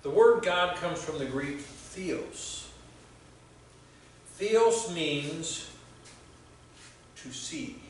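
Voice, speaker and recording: A male pastor giving a conversational sermon, telling stories with halting restarts. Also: a little high, lively intonation, slight background noise. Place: church sanctuary. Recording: very echoey church hall from far off.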